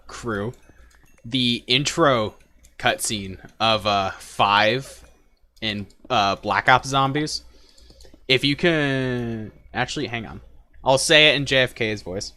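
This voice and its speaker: Young guy streaming games, bright voice, rambly and jokey, lots of ums. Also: medium pitch, slow. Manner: rambling, joking, many fillers. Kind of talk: casual gaming stream chat.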